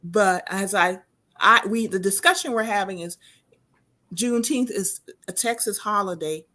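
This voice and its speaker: A woman's voice: medium pitch, a little slow, bright, forceful tone. A woman hosting an interview in a chatty, personal way, often restarting her phrases. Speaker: host. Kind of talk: conversational interview.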